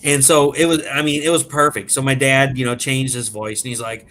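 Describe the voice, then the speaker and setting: Bright-voiced man telling a prank story. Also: mid-range voice, a little fast, few pauses, a little hiss or hum. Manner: animated, profane, laughs at his own story. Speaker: guest. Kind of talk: casual storytelling.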